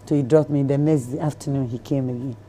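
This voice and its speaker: A middle-aged Ghanaian woman telling a lively story in an interview, acting out the people in it. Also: extremely low pitch, a little fast, a little hiss or hum. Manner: animated storyteller who acts out voices, laughing. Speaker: celebrity guest.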